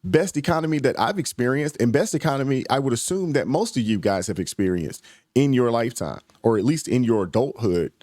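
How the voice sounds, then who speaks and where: A man's voice: mid-range voice, expressive, a little fast, darkish tone, dry recording. A man hosting a reaction channel, giving casual, emphatic commentary with folksy slang.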